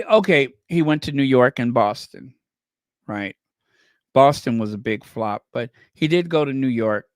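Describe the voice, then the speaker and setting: A man with a fairly high voice talks in a casual, sarcastic way, piling on rhetorical questions and wry asides. The sound is close and dry, with no room around it. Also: no room sound. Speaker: commentator. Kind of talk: casual chat.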